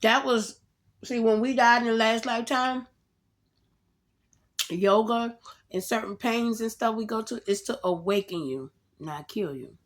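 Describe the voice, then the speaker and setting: A woman giving a casual tarot reading straight to the viewer, animated and slangy, laughing often as she talks. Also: fairly high pitch, measured pace, long pauses. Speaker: tarot reader.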